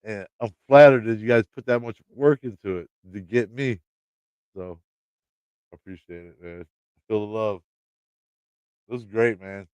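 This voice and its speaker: Midwestern man, livestream host, loose rambling storyteller, smooth clear voice, dry close sound. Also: fairly low pitch, a little slow, long pauses, a little mellow, no echo. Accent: American Midwestern. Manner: rambling, swears freely, laughs often. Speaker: channel host talking to live chat.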